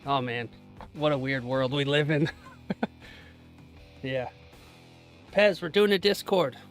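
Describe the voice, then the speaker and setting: A man's voice: mid-range voice, animated, takes it slowly, soft background music. Playful, joking male day trader. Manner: playful, joking, laughs often. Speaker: day trader streaming live. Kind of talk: casual live-stream chat. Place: small closet.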